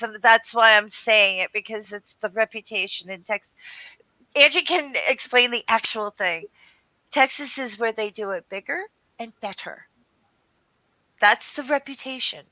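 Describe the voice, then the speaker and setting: A woman from the US East Coast chatting with friends over a call, animated and laughing often. Her voice is bright and fairly high, and it sounds dry and close, with no room in it. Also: moderate pace, no echo, lo-fi sound. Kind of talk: casual chat.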